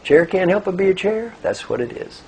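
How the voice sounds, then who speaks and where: Gravelly, animated older male speaker. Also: high-pitched, a little fast, slight background noise, low-quality recording. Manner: animated storytelling, gentle coaching. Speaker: executive coach. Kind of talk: motivational talk with guided exercise.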